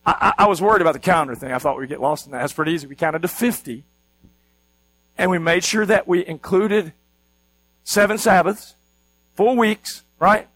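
Animated preaching man, higher voice. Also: normal speed, pauses often, low-quality recording. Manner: animated teaching, asks the congregation questions. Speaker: pastor. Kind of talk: sermon.

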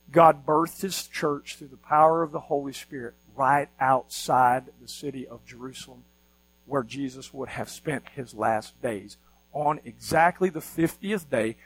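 A man's voice: mid-range voice, unhurried, rough recording. A man preaching a sermon as pastor, teaching with energy and often asking the congregation questions.

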